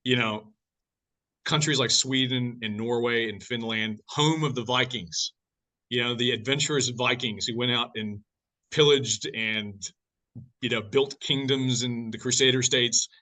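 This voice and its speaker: A man's voice: mid-range voice, fairly even intonation, measured pace, pushed and bright. A man in a casual political podcast chat, speaking bluntly and mockingly.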